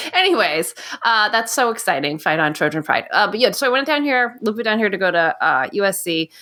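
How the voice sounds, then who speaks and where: A bubbly woman in her forties from Nevada chats and jokes as a podcast guest. She fills her talk with "like," and her pitch moves up and down freely. Her voice sits mid-range for a woman. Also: big pitch swings, normal speed, pushed and bright. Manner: bubbly, jokey, says "like" often. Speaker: guest, actress and comedian. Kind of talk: casual podcast chat.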